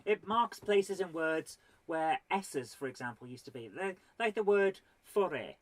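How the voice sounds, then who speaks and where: A woman's voice: sits low, lively intonation, a little slow, dry recording. Exasperated stand-up comic woman. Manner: exasperated rhetorical questions, mock indignation. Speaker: stand-up comedian. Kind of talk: stand-up comedy routine.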